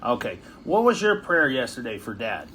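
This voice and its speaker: A man's voice: mid-range voice, sing-song, normal speed, crowd noise. A young man hosting a podcast, talking in a combative, preachy and taunting way. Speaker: podcast host. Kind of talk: heated phone confrontation and podcast intro.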